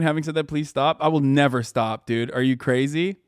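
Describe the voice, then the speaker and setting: A man streaming live, reacting to news with loud, profane jokes and banter with his chat. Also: fairly high pitch, fairly quick, clear, resonant tone, no echo, clean studio sound.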